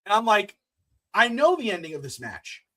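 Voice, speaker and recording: Excitable high-voiced man recapping wrestling. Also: moderate pace. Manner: excitable, swears, laughs often, acts out moments. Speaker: podcast co-host. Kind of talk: casual wrestling podcast chat.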